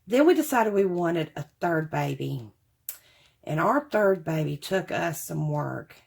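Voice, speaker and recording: A woman's voice: low-pitched, big pitch swings, a little slow, gravelly, darkish tone, slightly rough. A woman, chatting casually to camera about craft supplies she bought, rambling and calling her viewers y'all. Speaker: craft haul vlogger.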